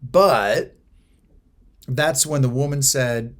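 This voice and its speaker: A man's voice: mid-range voice, normal speed, darkish tone. Chatty man telling a story. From United States. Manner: storytelling, asks for agreement often. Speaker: podcast co-host. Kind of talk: casual chat.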